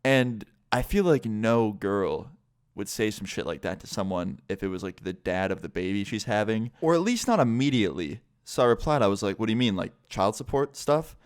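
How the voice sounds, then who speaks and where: A man's voice: lowish voice, expressive, moderate pace, smooth. Laid-back young guy telling a story. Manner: laid-back, swears, says "like" constantly. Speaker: YouTuber. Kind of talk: casual storytime vlog.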